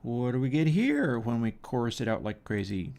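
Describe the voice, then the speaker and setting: A man hosting a casual livestream, musing out loud and joking at himself while he mixes audio. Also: medium pitch, big pitch swings, normal speed, vocal fry. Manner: musing, self-deprecating, chuckling asides. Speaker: stream host.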